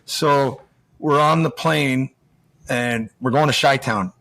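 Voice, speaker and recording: An American man spins long, loose stories in an easy, mid-pitched voice. He keeps stopping, restarting and acting out what other people said. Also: slow pace, sharp tone. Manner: rambling, full of restarts and acted-out quotes. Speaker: guest, former hockey player. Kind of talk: casual storytelling.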